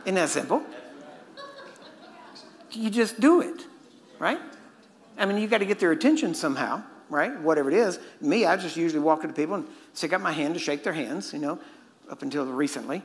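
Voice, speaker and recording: A man's voice: a little high, expressive, fairly quick, pauses often. A man preaching a sermon, emphatic and constantly quizzing his listeners. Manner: emphatic, questioning the audience.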